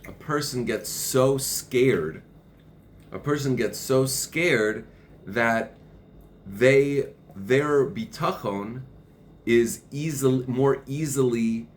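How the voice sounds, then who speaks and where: A man's voice: medium pitch, slow, a little hiss or hum. A man teaching religious texts in conversation, working through a passage step by step and reading parts of it aloud. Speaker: Torah teacher.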